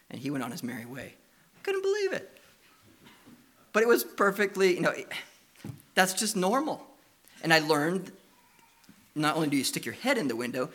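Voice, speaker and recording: A man preaching a sermon. He tells lively stories and coaxes the children with questions. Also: on the high side. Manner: lively anecdotal storytelling, coaxing questions to children.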